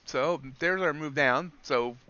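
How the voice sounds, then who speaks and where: Chatty man with a bright voice. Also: a little high, takes it slowly, no echo, muffled recording. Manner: chatty, thinks aloud, greets viewers; reads news aloud in an announcer tone. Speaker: livestream trader. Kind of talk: casual live-stream commentary.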